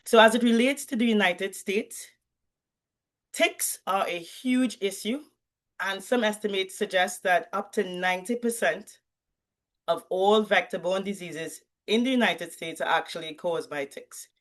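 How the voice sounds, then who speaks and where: A woman from Trinidad and Tobago, a university lecturer giving a clear, measured academic presentation over a video call. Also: medium pitch.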